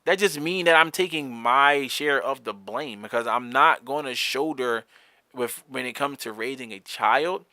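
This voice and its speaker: A man's voice: mid-range voice, unhurried, bright, forceful tone, no echo, studio quality. A young man hosting a solo podcast, talking candidly in a heated, profane, rambling way with frequent restarts. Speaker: podcast host.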